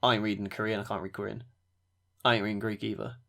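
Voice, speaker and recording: A man's voice: on the low side, fast, gravelly. Guy co-hosting a podcast, laid back, rambly, lots of ums. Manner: relaxed, rambling, with fillers and laughs. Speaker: podcast co-host. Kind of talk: casual wrestling review chat.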